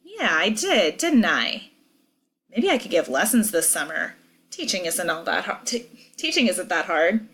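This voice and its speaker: A woman's voice: on the low side, sing-song, measured pace, fairly bright tone, full character voice. A woman voicing a nervous but stubborn teenage girl learning to ride, sulky and defensive. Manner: sulky and defensive, then boastful. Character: nervous, stubborn young teen girl rider.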